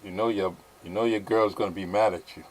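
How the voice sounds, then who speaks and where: A man's voice: lowish voice, fairly even intonation, fast. A man hosting a casual podcast interview, encouraging his guest with frequent short affirmations. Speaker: podcast host.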